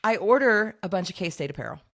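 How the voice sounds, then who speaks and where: A woman's voice: medium pitch, animated, fairly quick, gravelly, fairly bright tone. An American woman co-hosting a casual podcast, telling a meandering story. She rambles and laughs easily, in an offhand, conversational delivery. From United States. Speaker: podcast co-host. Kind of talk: casual chat.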